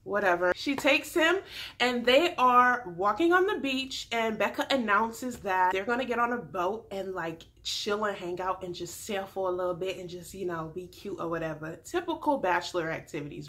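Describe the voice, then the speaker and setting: A woman giving a casual, animated TV recap as a vlogger, slangy and quick to laugh. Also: medium pitch.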